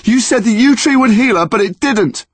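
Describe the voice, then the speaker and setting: A man voicing a grieving young boy who shouts and pleads in desperation. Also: high voice, animated, unhurried, no room sound, voice pushed up. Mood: desperate.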